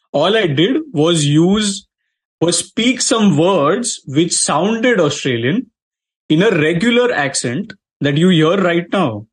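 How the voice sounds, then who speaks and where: A male co-host with a husky, slightly high voice joins a casual sports discussion. He delivers his remarks in a dry, matter-of-fact way.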